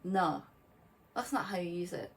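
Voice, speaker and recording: A woman co-hosting a casual podcast chat, animated and fidgety, who swears and laughs as she talks. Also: lowish voice, a little slow, gravelly, recorded from a distance, poor audio. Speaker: podcast co-host.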